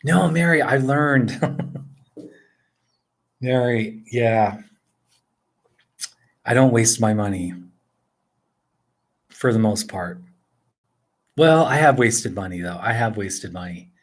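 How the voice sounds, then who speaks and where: An easygoing man in his forties, originally from northern New Jersey, answers his viewers' questions in an unhurried, meandering way. His speech has a medium pitch and plenty of chuckles, and he often drifts into tangents before getting back on track. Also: lively intonation. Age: 40s. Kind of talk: casual live chat. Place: indoors at home.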